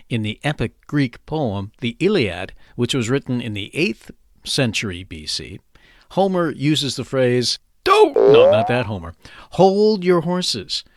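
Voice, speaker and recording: A man's voice: medium pitch, dry recording, studio quality. A man hosting a scripted educational podcast, explaining phrases in a playful, jokey way. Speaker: podcast host.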